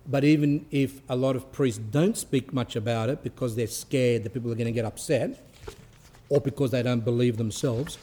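Man giving a relaxed, mellow spiritual talk. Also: medium pitch, normal speed. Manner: conversational, with anecdotes and frequent fillers; reads scripture passages aloud with rising emphasis. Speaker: Orthodox priest.

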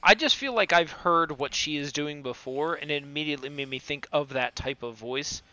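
A man's voice: fairly high pitch, moderate pace, bright, forceful tone, no echo. A man co-hosting a casual podcast, sarcastic and hesitant in his talk. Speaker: podcast co-host. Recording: dull, dry lo-fi mic.

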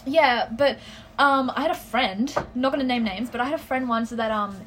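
A woman's voice: a little high, normal speed, a little hiss or hum, poor audio. A young woman co-hosting a casual podcast chat, rambling through stories, swearing often and laughing as she talks. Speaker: podcast co-host.

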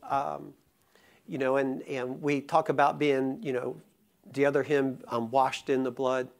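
A man preaching a sermon. He talks casually with many fillers, then builds to slow, impassioned emphasis. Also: mid-range voice, vocal fry. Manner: conversational, rising to impassioned emphasis; many fillers and restarts in the calmer parts. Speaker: pastor.

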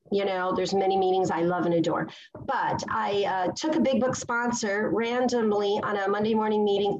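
A woman's voice: mid-range voice, dull audio. A woman in her forties giving a personal testimony at a recovery meeting, gushing with enthusiasm and stopping now and then to hunt for a word. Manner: excitable, gushing, pausing to search for words. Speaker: speaker sharing at a recovery meeting.

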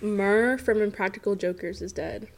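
A woman's voice: mid-range voice, normal speed. A young woman co-hosting a podcast in casual chat, giggly and teasing, swearing freely. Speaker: podcast co-host.

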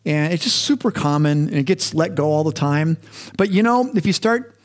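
A man's voice: on the high side, fairly quick. A middle-aged male pastor giving a sermon in a conversational, candid way, often restarting and repeating words.

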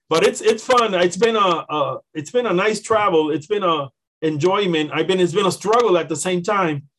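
High-pitched enthusiastic man. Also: fairly bright tone, a little hiss or hum. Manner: enthusiastic, halting restarts.

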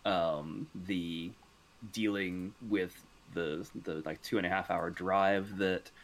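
A man's voice: low voice, fairly even intonation, slow. A man co-hosting a casual podcast, rambling with restarts and casual swearing. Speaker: podcast co-host. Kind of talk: casual chat.

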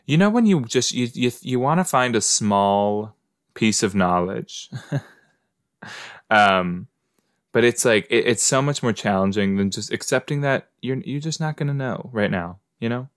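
An expressive, medium-pitched man speaks at a measured pace in clean studio audio without echo. As the podcast's host, he offers casual reaction commentary on a show in front of him, chatting, musing and talking to the screen.

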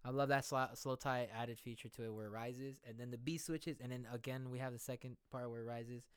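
A man reacting to a new song in a casual, excitable, slangy way, thinking out loud as he listens. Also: medium pitch, fairly quick, clear, resonant tone, no room sound, studio quality. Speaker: music reaction vlogger. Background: music playing.

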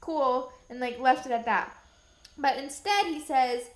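A young woman co-hosting a podcast, telling a story in an animated way with lots of fillers and laughs. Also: high-pitched, normal speed, reverberant. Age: young adult. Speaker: podcast co-host. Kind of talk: casual storytelling chat.

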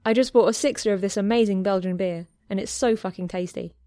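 A woman's voice: medium pitch, brisk, dark tone, no echo, studio quality, natural voice. Woman voicing a cheeky tattooed neighbor guy. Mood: teasing. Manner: playful, teasing. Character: cheeky tattooed young man, teasing neighbor. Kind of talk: audiobook character reading.

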